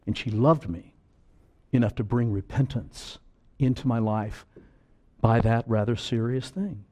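A man preaching a sermon, earnest and slow on key words, breaking into sudden loud bursts of urgency. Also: medium pitch.

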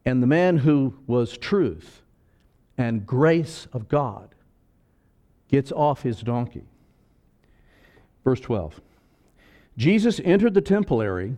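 A male pastor preaching a sermon, swinging between loud emphasis and soft asides, with joking comments along the way. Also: mid-range voice, sing-song, slow, pauses often.

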